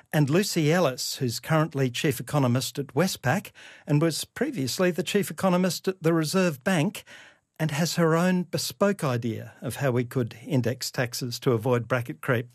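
A man hosting a radio interview, asking questions in a measured way. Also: medium pitch, husky, dry recording, clean studio sound. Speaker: radio host.

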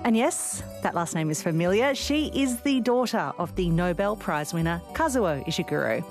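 A woman's voice: lowish voice, expressive, normal speed, soft background music. Enthusiastic woman radio book host. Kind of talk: radio interview.

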